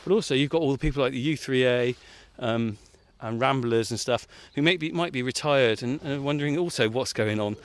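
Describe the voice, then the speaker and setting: A man's voice: mid-range voice, a little fast, few pauses, no room sound. A man, chatting casually in a field as he digs and works, often laughing. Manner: chatty, laughs often, puffing while digging. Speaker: farmer on a radio feature. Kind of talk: casual outdoor chat while working. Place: outdoors in a farm field.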